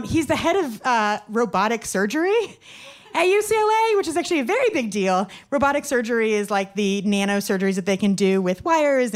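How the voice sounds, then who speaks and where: A woman with a high voice tells a personal story on stage. She talks fast and chatty, piles on fillers and pokes fun at herself. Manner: quick, self-deprecating, chatty with many fillers.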